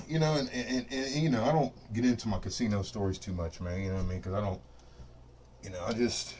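A man's voice: on the low side, steady tone, quick pace, heavy background noise. A middle-aged man hosting a craps video, ranting casually and profanely to camera in his home studio, boastful and fired up and leaning on "you know what I mean". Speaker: craps dice-control video host. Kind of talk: casual unscripted rant to camera. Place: home studio set up for dice rolling.

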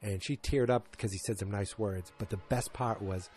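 A man's voice: on the low side, normal speed, a little mellow, slight background noise. A man hosting a podcast, recapping a TV episode in a casual, rambling and enthusiastic way. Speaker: podcast host.

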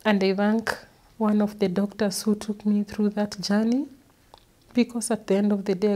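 A woman, an interview guest, recounting a painful personal story in an earnest, halting way, often repeating words. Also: medium pitch, dark tone. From Kenya. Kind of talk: personal testimony.

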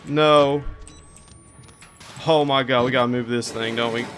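A man giving frantic commentary while playing a horror game, swearing and shouting at what chases him. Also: medium pitch, steady tone, measured pace, faint music behind. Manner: panicky, swearing, yelling at enemies. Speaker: gaming video creator.

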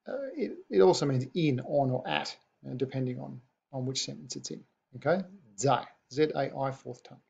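Gravelly man teaching a patient online lesson. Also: mid-range voice, a little mellow. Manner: patient, repeats new words slowly. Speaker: language teacher. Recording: dull lo-fi recording.

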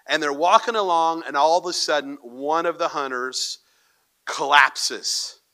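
A male pastor delivers a sermon to his church, mixing a lively told joke with prayer and scripture reading. His voice is bright and forceful. He sits a little high in pitch. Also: unhurried. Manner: lively storytelling, puts on a panicked voice in the joke. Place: church sanctuary with congregation.

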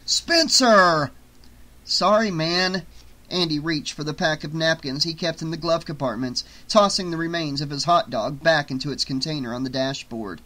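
Bright male audiobook narrator. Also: a little high, brisk, hardly any pauses, low-quality recording. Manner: steady, even reading. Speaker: audiobook reader.

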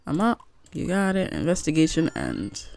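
Chatty young woman with a gravelly edge. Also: low-pitched, huge pitch swings, normal speed, darkish tone. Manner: chatty, full of "like" fillers, reads game text aloud. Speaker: gaming video host. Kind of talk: casual let's-play commentary.

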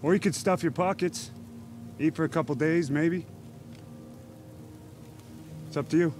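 An actor playing a gruff survivor leader, fairly high. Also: male voice, measured pace, a little mellow, soft background music, lightly acted. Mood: commanding. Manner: blunt, commanding. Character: gruff man leading stranded survivors. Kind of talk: film dialogue.

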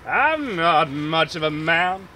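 A man's voice: fairly high pitch, very animated, slow pace, sharp tone, a little hiss or hum, heavily acted. A man playing a flamboyant transvestite vampire villain in an amateur comedy film, with campy, sing-song delivery. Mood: camp, sultry. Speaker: amateur actor.

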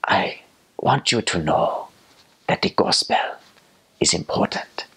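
A man impersonating an older church leader who speaks slowly and emphatically in a breathy voice. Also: bright, forceful tone, no room sound. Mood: solemn. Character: solemn older male African church leader.

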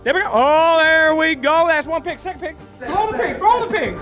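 A man hosting a comedic segment at an esports event, talking in an exaggerated, excitable way and often shouting. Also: very high-pitched, moderate pace, over music. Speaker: event host. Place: esports event venue, indoors.

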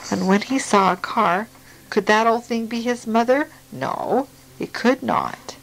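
Slow, gravelly woman reading to a child. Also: on the high side, poor audio. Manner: slow, gentle, pausing to ask the child questions. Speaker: reading a picture book to a child.

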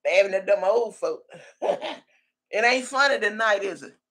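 A woman with a husky, fairly bright, medium-pitched voice speaks at a moderate pace in an animated way. She's hosting a live stream, chatty and teasing, laughing a lot and calling out viewers' names and comments one after another.

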